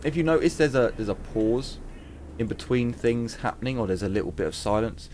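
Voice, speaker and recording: A man's voice: medium pitch, animated, fairly quick, darkish tone, slight background noise. A man giving casual game commentary with muttered asides and a frog in his throat. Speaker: gaming video host. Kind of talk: let's play commentary.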